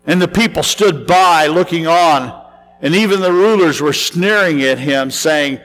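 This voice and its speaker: A man preaches in a church sanctuary, his fairly high voice trailing off into a long reverb. He reads scripture earnestly, easing down and going quiet on the solemn lines. Soft instrumental music plays faintly behind him. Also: measured pace. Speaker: pastor. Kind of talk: sermon with scripture reading.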